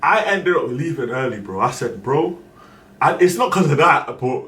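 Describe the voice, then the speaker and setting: A young man, a streamer casually telling a story, acting out other people's lines and breaking into shouts. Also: mid-range voice, very animated, moderate pace. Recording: roomy echo, voice far from the mic, faint background noise.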